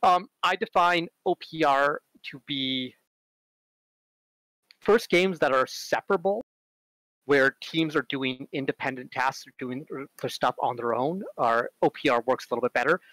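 A man giving a casual conference talk, chatty, full of fillers, and animated when he tells stories. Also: mid-range voice, normal speed, no echo, low-quality recording. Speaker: conference speaker on robotics strategy.

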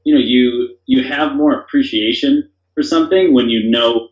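Guy rambling excitedly on a podcast, lots of "like" and "you know", echoey room, kinda muffled. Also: mid-range voice, normal speed. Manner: enthusiastic, rambling with many fillers. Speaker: podcast guest, company founder. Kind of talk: casual conversation. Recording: dull, roomy sound.

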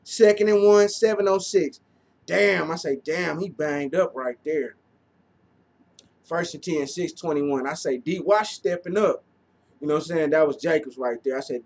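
A man talks through a football game as a fan, unhurried in pace but bursting into shouts. He leans on slang and says the same lines over and over. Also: sits high, a little hiss or hum. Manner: animated, slangy, repeats himself, shouts often. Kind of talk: excited play-by-play fan commentary.

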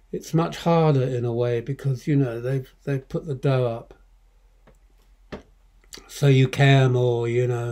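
A man's voice: medium pitch, warm tone. An older man, a film director, telling loose, profane anecdotes in casual commentary, often breaking off and restarting. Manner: rambling, profane, self-interrupting.

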